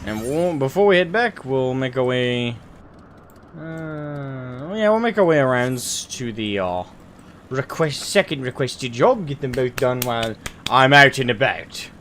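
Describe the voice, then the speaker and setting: A man's voice: medium pitch, expressive, unhurried, a bit bright, slight background noise. A man streaming a video game, chatting casually and thinking aloud, with lots of fillers and restarts. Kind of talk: casual gameplay stream chat.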